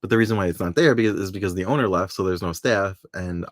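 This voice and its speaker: A man's voice: low-pitched, fast, dry recording, clean studio sound. A man co-hosting a podcast, recapping a soap opera in casual chat, laughing often and acting out quoted lines. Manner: chatty, laughs often, quotes characters in voices. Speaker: podcast co-host.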